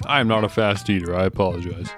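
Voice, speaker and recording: A man's voice: low voice, fairly even intonation, fast, music in the background. A man giving casual, chatty commentary while playing a video game. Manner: chatty, self-deprecating. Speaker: game streamer.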